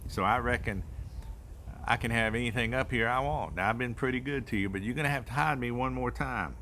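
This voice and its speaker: A man's voice: mid-range voice, a little fast, bright, forceful tone, slight background noise, natural voice. An older man voicing young Jack in a folk tale, cheeky and self-assured. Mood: cocky. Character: cocky young country boy Jack.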